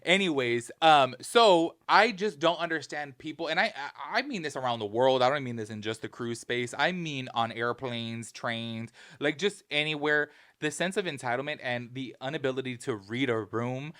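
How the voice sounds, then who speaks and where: A man co-hosting a casual podcast, recounting a story with plenty of emphasis and animation. His voice sits at an ordinary middle pitch. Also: lively intonation, moderate pace, few pauses, fairly bright tone. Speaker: podcast co-host.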